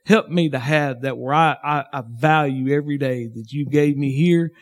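A man preaching a sermon as pastor, fervent and folksy, swinging from shouts to hushed tones. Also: a little high, moderate pace.

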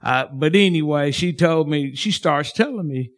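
A man preaching a sermon as pastor, fervent and folksy, swinging from shouts to hushed tones. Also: on the high side, moderate pace.

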